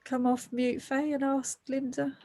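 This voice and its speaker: A woman's voice: sits high, little pitch movement, unhurried, dark tone. A woman therapist hosting an online group discussion, speaking in a reassuring, encouraging, conversational way. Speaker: therapist and host. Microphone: video call.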